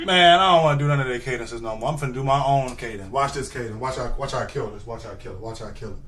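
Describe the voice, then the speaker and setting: A young man streaming live, who shouts football snap counts and mutters casual asides to himself. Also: mid-range voice, racing. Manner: shouts football cadences between mumbled asides. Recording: echoey room, mic at a distance, faint noise.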